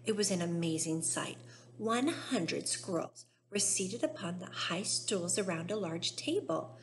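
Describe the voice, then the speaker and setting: A woman's voice: medium pitch, a little hiss or hum. A woman teacher reading a storybook aloud to children, addressing them directly.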